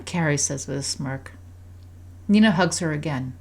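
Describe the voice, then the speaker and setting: A woman with a fairly low voice reads a story aloud in a calm, even way. Her narration is scripted and unhurried, steady from line to line. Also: vocal fry, slightly rough. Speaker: storyteller narrating a life-sim game story.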